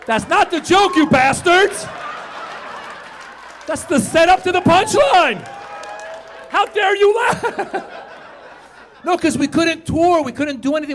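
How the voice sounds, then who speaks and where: A man from Iran doing a stand-up comedy set, animated and shouting punchlines to the crowd on a club stage. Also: very high-pitched, a little hiss or hum.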